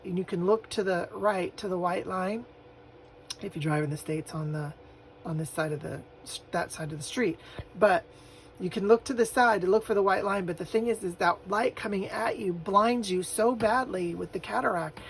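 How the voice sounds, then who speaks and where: A woman's voice: mid-range voice, poor audio. An older woman hosting a crafting channel, chatting casually and telling stories with frequent laughter. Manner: chatty storytelling, laughs often. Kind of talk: casual chat while crafting.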